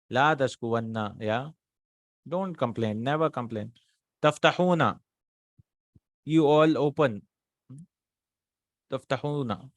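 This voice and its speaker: A patient man with a medium-pitched voice teaches Arabic grammar, working through exercises, repeating every word form aloud, and answering his own questions. The recording is dry and studio quality.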